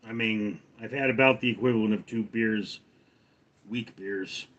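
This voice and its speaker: A slightly tipsy man hosts a casual livestream, rambling and joking as he reads and answers viewers' chat one message at a time. His lowish voice is a bit bright and a little slow, in a muffled recording.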